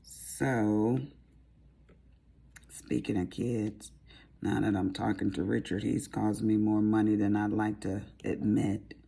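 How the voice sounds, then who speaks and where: Chatty, folksy Southern woman with a gravelly, low, dark voice. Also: flat delivery, slow pace. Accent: Southern American. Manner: chatty, rambling, folksy asides. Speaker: crafting vlogger. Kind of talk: casual chat while diamond painting.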